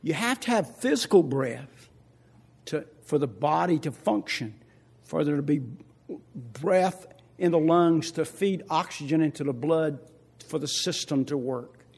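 Older male pastor, high husky voice, emphatic sermon with congregation questions. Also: lively intonation, a little slow. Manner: swings from loud emphatic preaching to quiet asides; repeats key phrases, asks the congregation questions.

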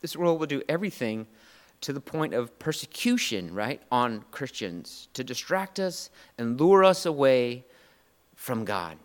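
A man's voice: mid-range voice, very animated, a little slow, in a large hall. A man preaching a sermon, earnest and emotional, often restarting his phrases.

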